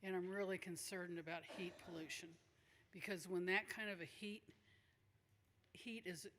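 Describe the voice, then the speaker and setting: A longtime resident, a woman, asking pointed questions in a measured way at a public forum. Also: lowish voice, steady tone, a bit bright, a little hiss or hum. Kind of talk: public comment. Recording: reverberant hall.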